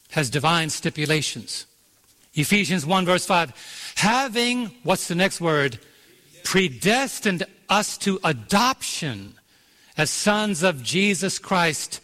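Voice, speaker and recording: Man, preacher. Bright, tense voice, slightly high. Emphatic storytelling with call-and-response. Reverberant hall. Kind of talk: sermon. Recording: long reverb of a large hall.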